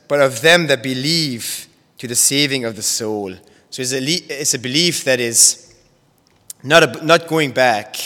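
A man teaching a sermon on Bible verses, measured and careful, often repeating and restarting phrases as he explains. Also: mid-range voice, sharp tone. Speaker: preacher. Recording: long hall reverb.

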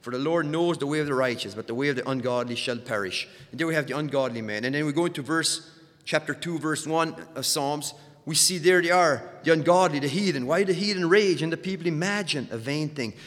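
A man preaching a sermon who stumbles over repeated words and surges louder on key points. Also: fairly high pitch, quick pace, in a large hall.

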